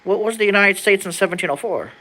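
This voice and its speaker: Young adult streamer with a bright, ringing tone and mid-range pitch, chatting casually and stumbling as they sound out words. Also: fast, a little hiss or hum, poor audio. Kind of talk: casual livestream chat while reading an old document aloud.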